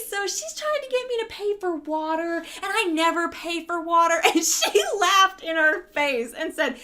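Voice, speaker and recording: A young woman casually telling animated stories, laughing as she acts out customers and coworkers. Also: extremely high pitch, moderate pace. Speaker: storyteller. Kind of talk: casual chat.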